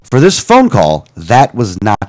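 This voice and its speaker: A man co-hosting a radio talk show, telling a story in a casual, animated way, acting out both sides of a phone call. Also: on the low side, measured pace. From Florida. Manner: animated, retelling phone calls with quoted dialogue and self-corrections.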